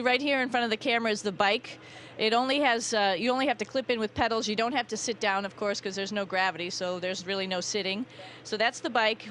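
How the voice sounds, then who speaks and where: A woman astronaut with a Boston accent, chatting in a relaxed way with many fillers during a live interview from the space station. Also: mid-range voice, a little hiss or hum. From New England, USA. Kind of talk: live downlink interview answers.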